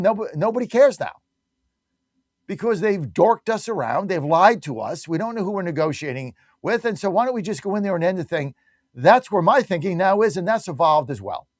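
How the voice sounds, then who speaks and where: A man's voice: high-pitched, no echo, clean studio sound. A man hosting a talk radio show, delivering an emphatic, combative monologue with lots of repetition.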